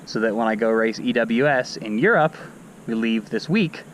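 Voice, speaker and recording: A man's voice: medium pitch, moderate pace, a little hiss or hum. A man vlogging between mountain bike race runs in casual, self-deprecating commentary, often laughing at himself, recorded outdoors at a race venue. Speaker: enduro mountain bike racer.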